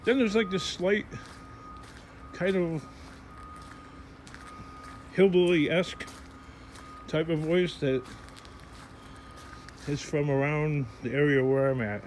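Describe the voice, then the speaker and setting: A man's voice: a little high, takes it slowly, pauses often. A middle-aged man vlogging in a loose, rambling way, talking to himself while he works. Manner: chatty, wandering, talks to himself while working. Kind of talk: casual rambling monologue. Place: work space with scrap, while handling items. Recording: steady background noise.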